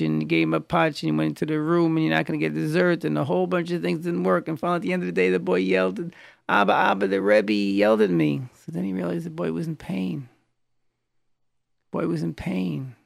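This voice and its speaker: Gravelly, dry-voiced rabbi giving a sermon. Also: male voice, on the high side, no room sound. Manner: storytelling, acts out quoted lines; halting, restarts words.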